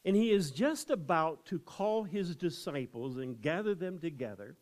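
An older American man delivers a sermon in a slightly raised voice. He unfolds his story at an easy pace with small pauses, then presses his points with rising emphasis. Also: fairly high pitch, lively intonation, a little mellow. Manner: unhurried storytelling that rises into emphatic preaching. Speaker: pastor.

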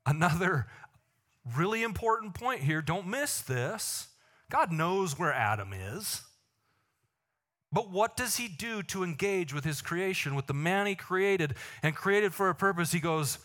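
A man preaching a sermon to a congregation, animated, with joking asides and slow, emphatic lines. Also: fairly high pitch. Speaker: pastor.

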